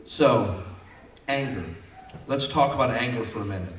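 A man's voice: mid-range voice, moderate pace, fairly bright tone, distant mic, a little hiss or hum. A man preaching a folksy, conversational sermon in a church, mixing scripture with personal stories. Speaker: pastor. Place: church sanctuary. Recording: roomy sound from off mic.

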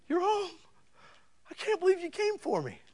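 A man doing an overjoyed, high-pitched pet dog. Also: normal speed, heavily acted. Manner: high, excited, breathless gushing.

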